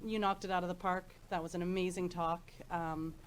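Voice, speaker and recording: A woman in her forties gives a chatty, informal conference talk about her research, full of ums and restarts. Her voice is on the low side, steady and brisk. She speaks into a handheld microphone in a conference room, with a little hiss or hum in the audio.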